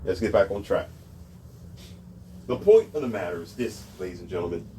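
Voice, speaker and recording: A man's voice: low voice, lively intonation, moderate pace, mellow, slight background noise. A man hosting a commentary channel, ranting about society in a sarcastic, emphatic way and repeating his points.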